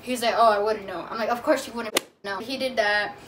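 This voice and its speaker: A young woman vlogger casually tells a personal story, her voice a little high with fairly even intonation and a brisk pace. She talks loosely and chattily, dropping in lots of "like" fillers. The recording sounds distant, with faint room noise.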